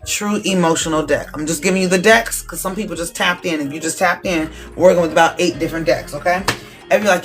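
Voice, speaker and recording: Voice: medium pitch, fast, fairly bright tone, soft background music. A tarot reader hosting a live-stream reading, talking casually and checking in with viewers with "okay?" again and again, with the odd swear word thrown in.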